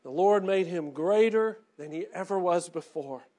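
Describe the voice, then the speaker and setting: A pastor delivers a sermon in a fairly high voice. He drops into quiet, reflective passages and then builds to emphatic, rising calls to his congregation. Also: moderate pace.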